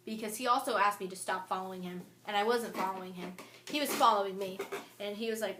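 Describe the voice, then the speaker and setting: A young woman telling a storytime vlog, animated and indignant, reading out old text messages. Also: medium pitch, a little fast, a little hiss or hum. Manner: animated and indignant, quoting texts aloud. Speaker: vlogger. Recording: echoey room.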